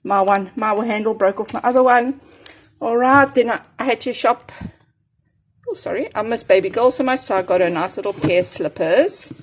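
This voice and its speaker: South African mom, 40s, casual haul vlogger, slightly high-pitched, rambling and breathy from unpacking. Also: female voice, normal speed. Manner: chatty and rambling, with many fillers and restarts. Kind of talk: casual grocery haul vlog. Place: at home, in her office.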